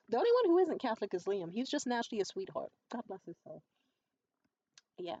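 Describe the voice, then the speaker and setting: A young woman telling stories straight to camera, blunt and foul-mouthed, with a lot of push behind her words. Her voice sits at an ordinary middle pitch. The recording has a slightly dull, lo-fi sound. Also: normal speed. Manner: blunt, profane, animated storytelling. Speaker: vlogger. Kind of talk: casual vlog monologue.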